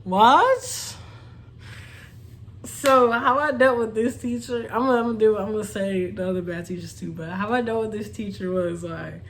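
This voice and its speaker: A woman's voice: mid-range voice, moderate pace, slight background noise. A young woman chatting casually to her viewers, laughing often and calling them y'all. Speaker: vlogger. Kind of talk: casual storytime chat.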